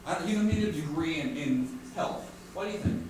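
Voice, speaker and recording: A man teaching an art class to students, joking and animated, who keeps checking in with "right?". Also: fairly high pitch, fairly quick. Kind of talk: classroom lecture. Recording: echoey room from far off with faint noise.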